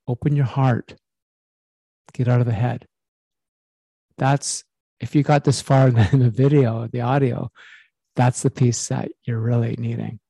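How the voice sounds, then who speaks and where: A man's voice: medium pitch, fairly even intonation, moderate pace, gravelly, pauses often, warm tone, husky, dry recording. A middle-aged man coaching casually on voice, enthusiastic and rambling, speaking close to the microphone. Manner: enthusiastic, rambling, self-promoting.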